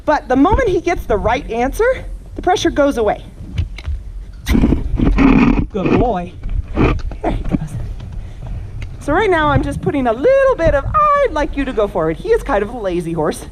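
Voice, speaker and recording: A woman horse trainer teaches a live group while working a horse outdoors. Her voice sits fairly high and moves through a lively range as she coaxes the animal between explanations. Constant outdoor noise sits behind her. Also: brisk. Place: outdoor horse pen at a camp. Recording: noisy outdoor recording.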